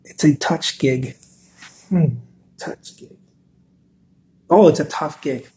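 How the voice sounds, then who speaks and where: A man's voice: on the high side, slow, darkish tone. Man, live-stream host, chatty and earnest, encouraging tone, repeats himself while reading viewer comments. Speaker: artist hosting a live stream. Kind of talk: casual live-stream talk.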